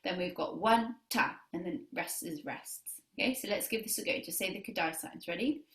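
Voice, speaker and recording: A woman's voice: fairly low pitch, moderate pace, echoey room. A woman teaching a beginner clarinet lesson on video, counting students in and giving lots of praise. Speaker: music teacher.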